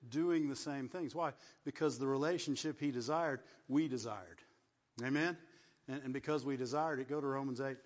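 A man's voice: mid-range voice, normal speed. Preacher man in an echoing hall. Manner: repeats words, asks "right?" often. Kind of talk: sermon. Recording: dull sound, long hall echo.

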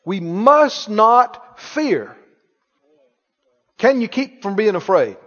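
A man's voice: sits high, sing-song, slow pace, a bit bright. A man preaching a sermon emphatically, leading his congregation in call-and-response. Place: church sanctuary. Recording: dull recording in a reverberant hall.

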